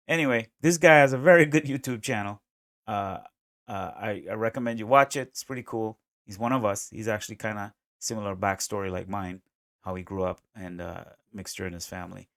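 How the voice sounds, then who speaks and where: A man with an American accent riffs on clips in a loose, chatty way, quick to laugh and full of fillers. His voice is fairly low yet bright and forward, and the sound is close and dry. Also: vocal fry, no room sound. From USA, South America and the Caribbean. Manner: chatty, excitable, laughs often, many fillers. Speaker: reaction video host. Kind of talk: casual reaction commentary.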